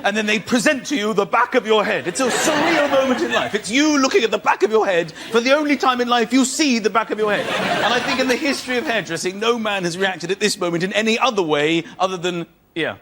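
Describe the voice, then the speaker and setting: A man doing animated, incredulous observational comedy on a panel show. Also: high-pitched, fast talker, a loud crowd, heavy background noise. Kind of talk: stand-up style routine.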